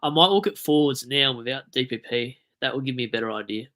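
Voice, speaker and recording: A young Australian livestream host with a blocked nose rambles casually, swearing and erupting into animated outbursts. His voice is mid-range and he talks fast.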